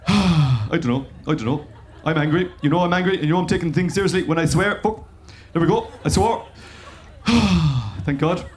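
A man doing a comic impression of a weary middle-aged radio host who talks flatly and sighs a lot. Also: a little high, a little hiss or hum, natural voice. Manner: flat, sighing, deadpan. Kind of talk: stand-up impression.

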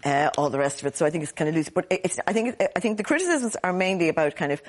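A woman's voice: on the low side, lively intonation, rapid-fire. An Irish woman on a panel, talkative, often repeating words as she restarts. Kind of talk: casual panel chat.

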